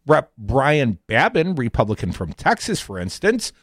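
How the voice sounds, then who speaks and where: A man's voice: medium pitch, very animated, measured pace, husky, no echo, studio quality. A man co-hosting a political talk radio show, reading news aloud with emphasis.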